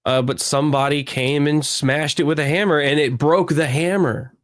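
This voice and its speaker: A man co-hosting a live stream, chatting in relaxed banter. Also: a little high, moderate pace, no echo, clean studio sound. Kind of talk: casual live stream chat.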